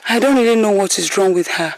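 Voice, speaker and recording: An actress playing a kind young princess in a Nollywood epic, gentle and consoling. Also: female voice, mid-range voice, fast talker, a little hiss or hum, lightly acted. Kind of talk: Nollywood film acting.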